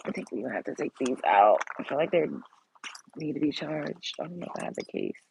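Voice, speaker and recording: Blunt chatty low-voiced woman streamer. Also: sing-song, a little fast, creaky, darkish tone, a little hiss or hum, low-quality recording. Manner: blunt, chatty, swears freely. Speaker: livestream host. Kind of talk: casual live-stream chat reading comments.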